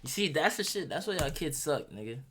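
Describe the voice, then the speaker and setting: A man's voice: fairly high pitch, big pitch swings, fairly quick, bright, forceful tone, a little hiss or hum. A young man talking casually and bluntly as a streamer reacting to a video, profane and rambling, full of restarts.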